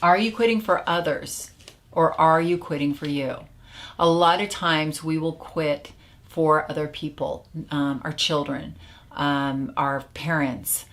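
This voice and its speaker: A woman's voice: sits low, fairly even intonation, a little slow. A woman who coaches smokers, talking to camera in a casual, chatty way with lots of filler words. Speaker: stop-smoking coach. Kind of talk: casual teaching video.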